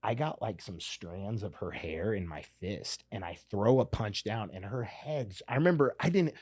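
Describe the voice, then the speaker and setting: A man tells a story on a podcast in a low voice. He is animated and full of restarts. The recording is close and dry. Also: normal speed, hardly any pauses, slightly rough, no room sound. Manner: animated, restarts a lot, says "you know what I mean". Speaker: podcast guest, fighter. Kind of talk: casual storytelling.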